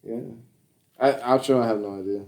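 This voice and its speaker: A man's voice: medium pitch, steady tone, normal speed, a little mellow. A man co-hosting a podcast in casual chat, laughing often and swearing between rambling fillers. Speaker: podcast co-host.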